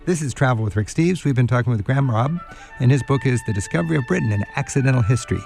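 A man's voice: mid-range voice, lively intonation, rapid-fire, creaky, a little mellow, faint music behind. A man hosting a radio interview in a folksy, enthusiastic way, with many fillers. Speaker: radio show host.

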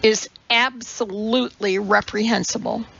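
A woman's voice: fairly high pitch, fairly even intonation, a little slow, vocal fry, fairly bright tone, breathy edge, dull audio, heavily acted. A woman playing an imperious, scolding woman chemist. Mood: indignant. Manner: clipped, precise, scolding. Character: brisk, imperious woman chemist, indignant mother.

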